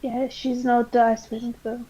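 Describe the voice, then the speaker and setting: A woman's voice: fairly high pitch, level tone, normal speed, warm tone, lo-fi sound, a little hiss or hum. A woman playing in a tabletop game, politely asking in-character questions. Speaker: player. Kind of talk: casual in-character chat.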